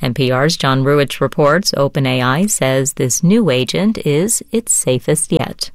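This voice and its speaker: A woman newscaster reading hourly radio headlines in a measured, even delivery. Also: very deep voice, dry recording, studio quality.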